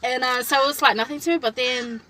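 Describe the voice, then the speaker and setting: A woman's voice: sits high, fast, poor audio. A woman, telling a personal story in a casual chat and acting out what people said. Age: 20s. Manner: animated storytelling, acts out quoted lines. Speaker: vlog host.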